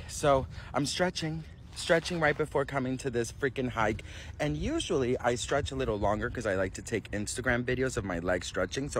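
A man spilling celebrity gossip with loud sass and drama, talking straight to his viewers as his best friends. He swears freely and overshares without a filter, in an animated chatty vlog style. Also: medium pitch, slight background noise. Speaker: gossip vlogger.

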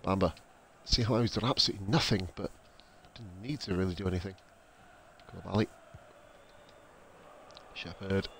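Gaming YouTuber, male, excitable and casual, swears a bit, lowish voice. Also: moderate pace, gravelly, pauses often, slight background noise. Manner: excitable, swears, chats to live viewers. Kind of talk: casual gameplay commentary.

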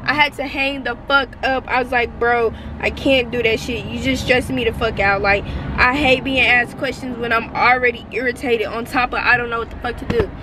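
A woman's voice: fairly high pitch, steady tone, moderate pace, background noise. Tearful young woman ranting in a car. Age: young adult. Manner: frustrated, profane, rambling. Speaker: vlogger. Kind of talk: casual vlog rant. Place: parked car by roadside.

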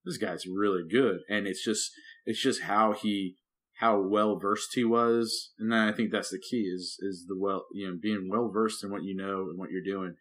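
A man who is a pastor and podcast co-host, talking casually in rambling, animated bursts full of restarts. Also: lowish voice, moderate pace. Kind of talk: casual chat.

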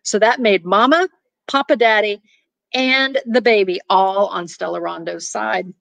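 A woman reads a short story aloud with lively expression and breaks off for chatty asides to her listeners. Her voice sits at a middling pitch. The recording is dry and close, with no room sound. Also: a little slow, creaky, no room sound. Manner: animated, laughs at the story. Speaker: reader.

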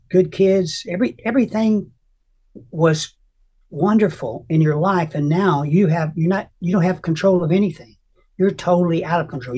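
An older man telling an emotional personal testimony as an interview guest, earnest and halting, often restarting his sentences. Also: fairly high pitch, a little mellow.

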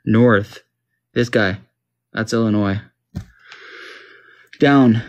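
Mellow, medium-pitched, and slow, a Canadian gamer mutters to himself during a map quiz game, leaving long pauses. He sounds puzzled and jokes around in this casual commentary.

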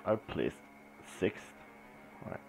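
A man's voice: takes it slowly, background noise. A man streaming a shooter game, chatting casually and whooping when he scores kills. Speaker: gaming streamer. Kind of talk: casual gameplay commentary. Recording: game music and gunfire behind.

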